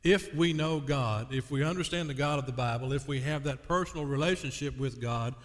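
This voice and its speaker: Slow, emphatic preacher in a reverberant hall. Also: male voice, medium pitch. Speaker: pastor. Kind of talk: sermon.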